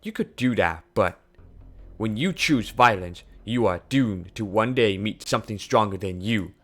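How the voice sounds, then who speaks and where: A man playing an aging scientist mentor in a game, calm and heavy with regret. He talks quietly and deliberately, with a lively rise and fall. The voice keeps a bright, sharp tone. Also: lowish voice. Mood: grave. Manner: quiet, measured, somber. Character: older male scientist mentor, calm and sorrowful. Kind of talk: reading game dialogue aloud.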